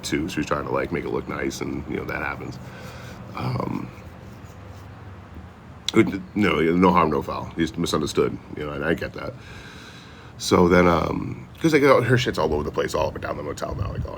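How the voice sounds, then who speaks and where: Very deep gravelly man telling a story. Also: fairly bright tone, a little hiss or hum. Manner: loose, profane, rambling with many "you know"s. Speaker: traveling social media creator. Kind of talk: casual storytelling.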